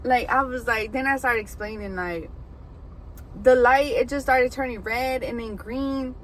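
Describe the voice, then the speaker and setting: A woman who braids hair, telling a story in a casual, animated way with lots of fillers. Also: on the high side, a little slow, a little hiss or hum, rough recording. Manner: animated, chatty, many fillers. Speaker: hairbraider and food vlogger. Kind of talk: casual storytelling while eating.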